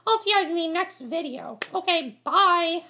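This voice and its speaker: A woman's voice: very high voice, lively intonation, normal speed. A woman giving a casual, exasperated review rant to camera, rambling and repeating herself. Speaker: vlogger reviewing a TV episode.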